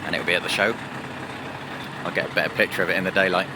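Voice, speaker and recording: A man vlogging outdoors and from truck cabs, excitable and laughing often in casual commentary. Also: sits low, very fast. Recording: loud engine and traffic noise.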